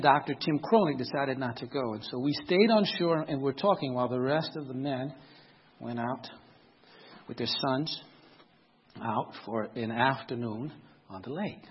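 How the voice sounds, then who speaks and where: A man's voice: mid-range voice, slightly rough, dull audio. A middle-aged man telling a story in a sermon, dramatic and often checking that his listeners are following.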